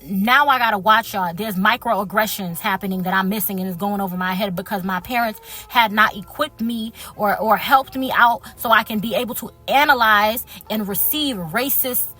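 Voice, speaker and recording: Bright-voiced woman, halting and hurt. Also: mid-range voice, faint music behind. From Liberia. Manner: earnest and hurt, halting with many restarts; speaks straight to viewers as "y'all". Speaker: healthcare worker telling her story. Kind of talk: casual storytime vlog.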